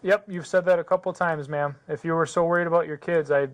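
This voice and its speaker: A man, a police sergeant, speaking calmly and curtly with dry sarcasm on a call. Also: on the high side, fast talker. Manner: calm, curt, dryly sarcastic.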